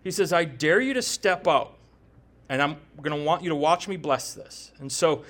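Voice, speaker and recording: A man's voice: fairly high pitch, moderate pace, a bit bright. A man in his forties preaching a sermon with personal testimony, talking conversationally and animatedly and often checking in with "right?". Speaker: preacher and tattoo artist.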